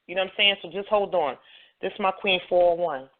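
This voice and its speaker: A woman's voice: fairly low pitch, quick pace. A woman hosting a call-in talk show, chatting loosely and often stopping to ask "you know what I'm saying". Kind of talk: casual call-in chat. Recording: tinny phone line.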